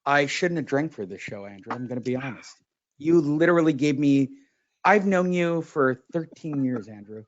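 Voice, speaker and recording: A man in his thirties hosting a podcast in casual chat, excitable and theatrical, swearing and laughing often, on a dull, lo-fi recording. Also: medium pitch, moderate pace. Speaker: podcast host. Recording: dull, lo-fi sound.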